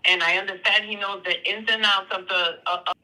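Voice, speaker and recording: A speaker with a piercingly bright, sharp-edged voice talks on a live call-in stream. They weigh their words, pausing often on fillers before pressing a point. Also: mid-range voice, fairly even intonation, rough recording. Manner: hesitant, measured, full of "you know" and "um". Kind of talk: casual chat.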